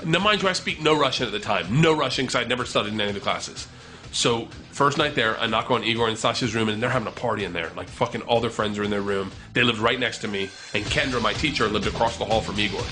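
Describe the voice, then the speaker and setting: A man in his thirties tells a comic story in a bright, forceful voice. He is animated and profane and acts out every quote. Soft music plays faintly behind him. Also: on the low side, fast talker.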